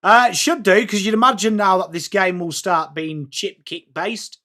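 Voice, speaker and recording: A man's voice: sits high, steady tone, normal speed, sharp tone. An English man hosting a live sports watch-along stream, calling the play and chatting to viewers in between. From England. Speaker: livestream host.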